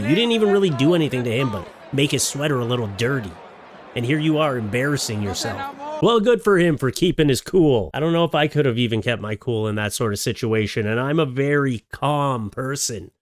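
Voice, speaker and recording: A man's voice: medium pitch, animated, brisk. Sarcastic man reacting to clips. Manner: sarcastic, chatty, mock-scolding. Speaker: YouTube reaction commentator. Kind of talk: casual reaction commentary.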